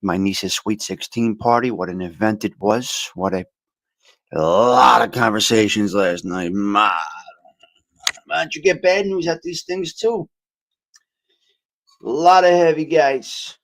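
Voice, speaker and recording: A man's voice: medium pitch, rough recording. Chatty man hosting a casual livestream. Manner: chatty, wisecracking, talks to viewers by name. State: voice a little off after a long night. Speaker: livestream host. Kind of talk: casual live chat reading viewer comments. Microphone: cheap handheld mic moved near and far.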